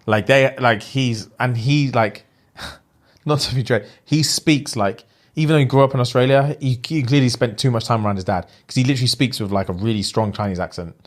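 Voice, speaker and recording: A young man telling a story as a podcast co-host, slangy and animated, acting out what people said. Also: mid-range voice, brisk. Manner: animated, slangy, acts out quotes. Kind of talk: casual storytelling chat.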